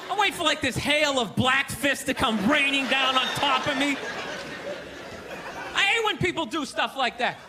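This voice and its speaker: Man, stand-up comic, very high voice, shouting rants, live theater crowd, noisy audience. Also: expressive, brisk. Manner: loud, ranting, mocking delivery with shouted bursts. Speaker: stand-up comedian. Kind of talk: stand-up comedy set. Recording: live show with crowd noise.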